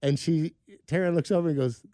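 Middle-aged male host, a bit high-pitched, rambling and self-mocking, dry close sound. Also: brisk, dark tone, no echo. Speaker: show host. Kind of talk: casual storytelling chat.

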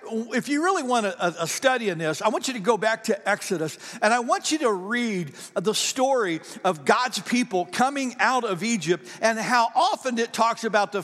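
A male pastor preaching a sermon in an animated, conversational way, asking the congregation questions. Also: very high voice, in a large hall. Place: church.

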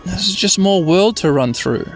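A man's voice: high-pitched, animated, normal speed. Man rambling over a game. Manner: rambling, easygoing. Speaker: host. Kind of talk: sleepy let's-play commentary. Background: faint music.

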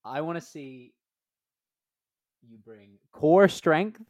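A man's voice: a little high, very slow, a little mellow, no room sound, clean studio sound. A man co-hosting a comedy podcast, riffing through playful made-up scenarios with lots of filler. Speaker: podcast co-host.

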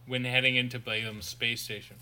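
A man's voice: medium pitch, flat delivery, brisk, pushed and bright. A man co-hosting a podcast, recapping a film in a rambling casual way with fillers and asides. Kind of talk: casual chat.

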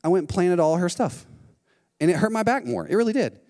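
A middle-aged man preaching a sermon, telling a lively story and acting out what people said. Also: high voice, a little fast. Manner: animated storytelling, acting out quotes. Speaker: pastor. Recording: long hall reverb.

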